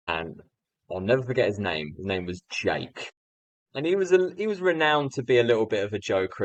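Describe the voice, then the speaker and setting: Deep-voiced man telling a lively story. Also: dry recording, low-quality recording. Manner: animated anecdotal storytelling, lively voice swings. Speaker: guest speaker. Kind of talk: storytelling in a podcast interview.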